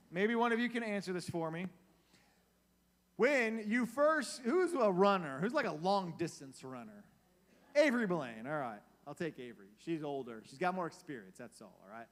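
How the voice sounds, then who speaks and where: A man's voice: high-pitched, big pitch swings, moderate pace, a bit bright. A man giving a casual, conversational sermon as a youth pastor, asking his audience questions. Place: church hall. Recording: long reverb of a church hall.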